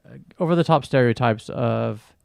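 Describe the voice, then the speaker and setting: Brief: laid-back American man co-host, gravelly, unhurried and halting. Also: mid-range voice, no echo, studio quality. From United States. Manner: relaxed, hesitant, many fillers. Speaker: podcast co-host. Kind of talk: casual chat.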